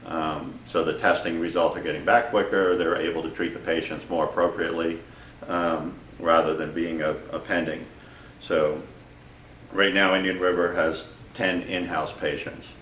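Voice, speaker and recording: Man, press briefing, very low flat voice, halting with fillers, distant mic, echoey room. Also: a little hiss or hum. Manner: halting, unhurried, reads numbers with many fillers. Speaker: official giving hospital figures.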